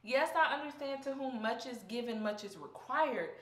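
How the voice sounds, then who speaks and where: A woman's voice: fairly high pitch, animated, moderate pace, few pauses, fairly bright tone. Heartfelt young woman in echoey room. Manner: heartfelt and candid, near tears. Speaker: vlogger. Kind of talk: personal faith vlog.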